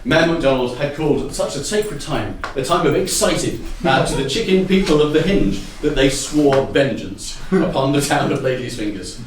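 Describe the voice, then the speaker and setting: A man with an English accent telling an improvised comic story on stage, laughing often and picking up shouted suggestions. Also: mid-range voice, normal speed, few pauses, recorded from a distance, slight background noise. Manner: animated, laughing often, repeating audience suggestions. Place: theatre stage with live audience. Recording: echoey hall recorded from afar.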